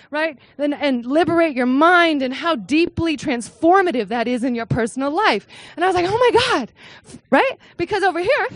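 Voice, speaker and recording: High, animated woman lecturing. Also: no echo. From US Midwest. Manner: animated, frequent "right?" asides; acts out quotes in a high excited voice. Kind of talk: academic talk to a live audience.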